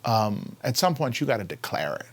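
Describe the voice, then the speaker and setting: A man hosting a casual inspirational talk. He repeats key phrases for emphasis and swings from loud, lively emphasis to hushed whispers. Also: lowish voice, moderate pace, creaky. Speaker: host.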